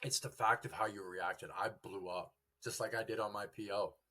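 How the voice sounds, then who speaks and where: A young man, a podcast guest, telling his recovery story in an earnest, halting way. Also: on the low side, steady tone, pushed and bright. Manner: earnest, halting, quotes family dialogue.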